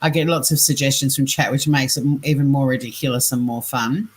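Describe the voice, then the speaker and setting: A woman's voice: extremely low pitch, steady tone, fairly quick, hardly any pauses. An Australian woman hosting a casual livestream, reading scam messages and chat aloud, chatty, laughing often and swearing freely. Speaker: scambaiting livestream host.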